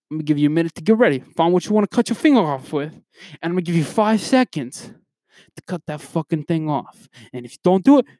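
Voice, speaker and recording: A man's voice: on the high side, warm tone, no echo, clean studio sound, natural voice. A man doing a menacing New York mob boss. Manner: threatening, profane, slangy.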